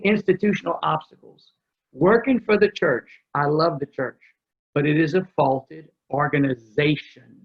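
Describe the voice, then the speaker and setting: A middle-aged man giving a workshop talk on ministry. He tells energetic, joking stories. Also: fairly high pitch. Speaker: ministry speaker. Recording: dull lo-fi recording.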